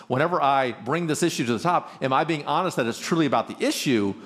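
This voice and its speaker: A man's voice: medium pitch, fairly bright tone. A man speaking at a marriage conference, earnest and conversational, talking to a live audience with frequent restarts.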